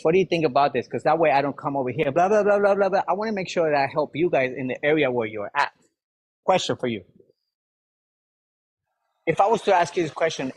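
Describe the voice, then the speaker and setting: A man giving an energetic, motivational sales talk to a live audience, speaking straight to the crowd. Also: a little high, husky. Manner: energetic, fast-talking, addresses the crowd directly. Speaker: sales coach leading a live workshop.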